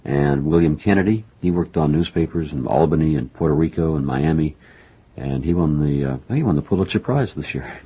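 Male interviewer, wry, joking, very deep voice, raspy, dull lo-fi sound. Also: expressive, fairly quick. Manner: wry, joking, leading questions. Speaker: interviewer, radio host. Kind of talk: conversational interview. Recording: dull lo-fi radio recording.

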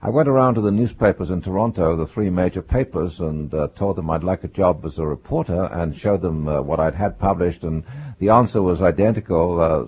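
An older man from England with a mixed British and North American accent, telling his life story in an interview with many pauses and fillers. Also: low voice, darkish tone, slightly rough, highs cut off. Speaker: guest, writer.

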